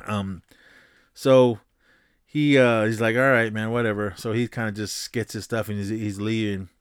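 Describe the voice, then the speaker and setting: A man's voice: on the low side, steady tone, moderate pace, clean tone, dry recording. Male podcast host, loose rambling film recap, curses freely, dry sound. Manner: rambling, frequent restarts and profanity. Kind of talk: casual movie recap.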